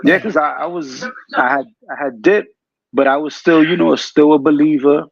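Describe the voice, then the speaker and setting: Gravelly guy chatting easy as a guest, muffled lo-fi sound. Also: a little high, moderate pace, no echo. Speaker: guest, former member. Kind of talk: casual conversation. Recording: dull lo-fi audio.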